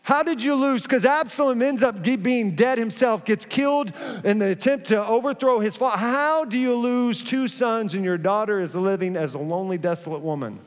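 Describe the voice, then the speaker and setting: A man preaching a sermon as pastor, animated and conversational, with playful asides. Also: sits high, normal speed. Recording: long hall reverb.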